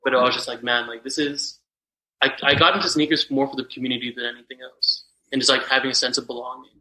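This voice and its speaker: Quick, bright-voiced male podcast guest. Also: mid-range voice, fairly even intonation, echoey room, rough recording. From Texas, USA. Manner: quick, storytelling, filler-heavy. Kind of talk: casual podcast chat.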